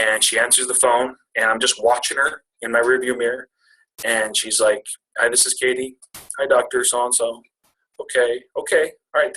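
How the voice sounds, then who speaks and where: A man in his twenties tells a personal story to a retreat audience. His voice is bright and forceful, sitting at an ordinary middle pitch. He rambles, restarts and cracks self-deprecating jokes along the way. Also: poor audio. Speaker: speaker at a retreat.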